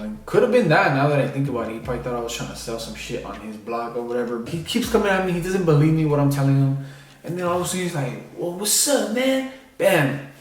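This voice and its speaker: Young man rambling a story, echoey room. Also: medium pitch. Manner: rambling, filler-heavy, lots of "like" and "you know". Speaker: vlogger. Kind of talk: casual storytelling. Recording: echoey room, distant mic.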